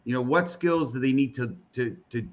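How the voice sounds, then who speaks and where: Rambling American host, slightly muffled audio. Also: male voice, mid-range voice, moderate pace. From American Northeast. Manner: rambling, many restarts and fillers, hypes the audience. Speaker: host of a live interview broadcast. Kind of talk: casual live-stream chat.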